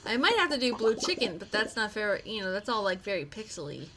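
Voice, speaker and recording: Bright-voiced chatty young woman streamer. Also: medium pitch, sing-song, brisk, slight background noise. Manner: chatty and giggly, rambling with silly asides. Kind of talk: casual live-stream chat while gaming.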